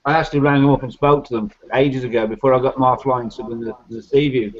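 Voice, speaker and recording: A man's voice: mid-range voice, fairly even intonation, quick pace. A man chatting casually on a video call, blunt and grumbling. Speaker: hobbyist scale modeler on a video hangout. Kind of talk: casual chat. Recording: dull lo-fi video call audio.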